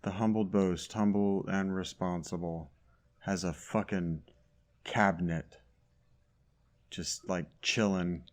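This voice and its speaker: A man's voice: low voice, fairly even intonation, slow, pauses often. A man giving sarcastic, grumbling commentary while playing a video game. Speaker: gaming YouTuber. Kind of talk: casual let's play commentary.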